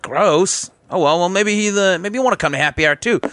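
A man's voice: high-pitched, a little fast, a bit bright, no room sound, pitched above the performer's own voice. A man playing a brash, chummy young office worker who chases dates. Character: cocky young office guy chasing dates.

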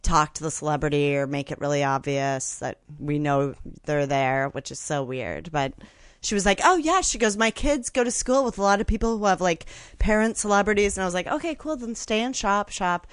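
Low-voiced woman telling a chatty anecdote. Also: brisk, clean tone, no echo. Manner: chatty, animated storyteller, many "like" fillers. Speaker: guest comedian. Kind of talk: casual anecdote telling on a podcast.

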